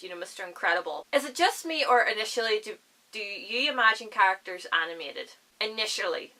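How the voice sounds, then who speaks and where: A woman's voice: mid-range voice, sharp tone, low-quality recording. A woman with a Northern Irish accent, chatting enthusiastically and rambling to camera about books. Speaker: book vlogger. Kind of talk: casual chat to camera.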